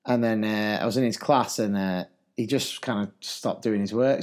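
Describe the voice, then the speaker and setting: A man's voice: fairly low pitch, fairly even intonation, fairly quick, hardly any pauses, a little mellow. A man, a teacher co-hosting a podcast, telling rambling classroom stories full of asides. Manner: rambling, chatty, lots of fillers and asides. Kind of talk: casual storytelling chat.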